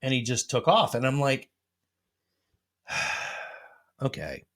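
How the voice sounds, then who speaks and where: A man's voice: medium pitch, brisk, fairly bright tone. A man telling a long, profanity-laced anecdote in casual chat, acting out what people said. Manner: profane, rambling anecdote with acted-out quotes. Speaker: host.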